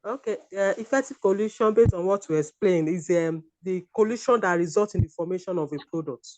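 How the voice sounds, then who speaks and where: A man's voice: high-pitched, fairly quick, darkish tone, soft background music. A young man, a student in a class, answering a question hesitantly.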